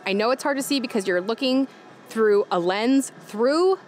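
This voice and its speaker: A woman's voice: fairly high pitch, lively intonation, normal speed. A young woman vlogging with gushing, chatty enthusiasm as she tastes food and drinks at a hotel rooftop bar. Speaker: travel vlogger. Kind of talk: casual food and travel vlog. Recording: noisy crowded bar. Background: loud crowd and chatter.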